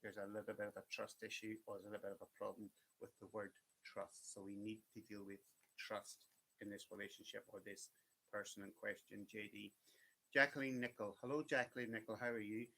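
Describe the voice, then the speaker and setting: A man's voice: lowish voice, flat delivery, brisk, gravelly, pushed and bright. A man giving chatty, reassuring one-card tarot readings on a live stream, addressing viewers by name. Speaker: tarot reader.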